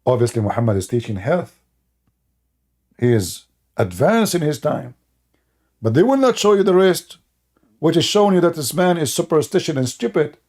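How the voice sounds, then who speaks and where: Sarcastic man with a higher, mellow voice. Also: lively intonation, normal speed, pauses often. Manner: sarcastic, mocking, laughs at own points; broken, non-native English grammar. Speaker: online religion critic. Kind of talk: mocking commentary monologue.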